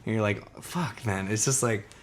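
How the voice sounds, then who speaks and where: A man's voice: lowish voice, normal speed. A young man co-hosting a podcast in casual chat, rambling with lots of fillers, swearing and laughing often. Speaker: podcast co-host.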